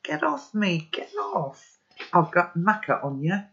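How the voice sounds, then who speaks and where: A man reading aloud, voicing a sulky, defensive boy of about twelve who turns gruff and shouts when cornered. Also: high voice, big pitch swings, unhurried, voice pushed up, heavily acted. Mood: yelling. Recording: dull lo-fi recording.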